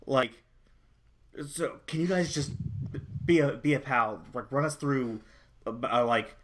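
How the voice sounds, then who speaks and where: Brief: male player, mid pitch, laid-back, sheepish and pleading, casual cursing. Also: a little slow, fairly bright tone. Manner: casual, apologetic, swears freely. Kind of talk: in-character role-play in a tabletop game.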